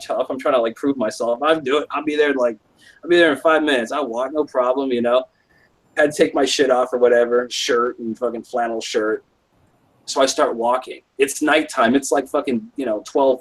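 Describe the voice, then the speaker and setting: A man's voice: on the high side, rough recording. A young man telling a rambling story on a live stream, swearing constantly and filling with "like". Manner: rambling, heavy swearing, lots of "like". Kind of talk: casual storytelling.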